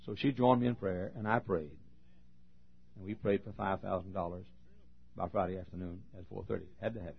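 Gravelly-voiced preacher telling a story. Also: male voice, lowish voice, brisk. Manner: emphatic, swings from loud to hushed. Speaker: pastor. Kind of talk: storytelling sermon. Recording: dull lo-fi recording.

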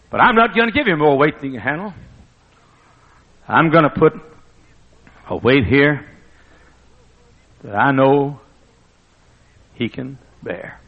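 Male preacher, dramatic sermon, gravelly voice, higher pitch, muffled lo-fi recording. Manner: dramatic preaching, booming one moment and hushed the next.

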